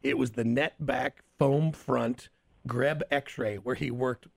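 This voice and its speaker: A man hosting a casual chat, telling childhood stories in an animated, cussing way. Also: mid-range voice, slow, vocal fry, dry recording. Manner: animated, swearing storyteller.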